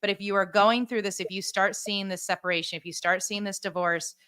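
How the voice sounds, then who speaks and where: A woman's voice: mid-range voice, fairly even intonation, a little fast, bright, forceful tone. A middle-aged woman, a podcast guest, earnestly telling her own story and giving advice to parents. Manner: earnest, heartfelt.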